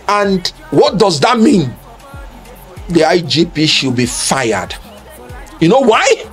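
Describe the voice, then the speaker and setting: A man's voice: high voice, very animated, slow pace, soft background music. Emphatic man lecturing on law. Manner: emphatic, argumentative, lecturing with rhetorical questions. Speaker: legal commentator. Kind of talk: public speech on law.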